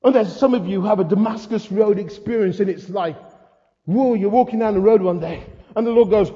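An older man preaching a sermon, telling stories with humor and lively asides. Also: sits high, fairly quick. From England. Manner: storytelling, humorous, animated asides. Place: church hall. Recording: muffled sound in a reverberant hall.

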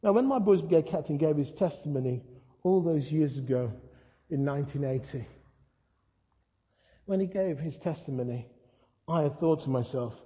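An older man delivers a sermon, a high voice with a mellow, relaxed tone. He spins stories with humor and animated asides. The recording is dull and muffled, with a long echo from the hall. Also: normal speed, long pauses. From England. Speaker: preacher. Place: church hall. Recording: muffled sound in a reverberant hall.

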